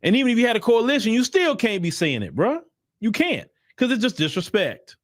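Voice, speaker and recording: A man's voice: high-pitched, sing-song, a little fast, dry recording, studio quality. A man giving blunt, emphatic opinion commentary in casual slang, often repeating himself for emphasis. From United States. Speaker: commentary channel host.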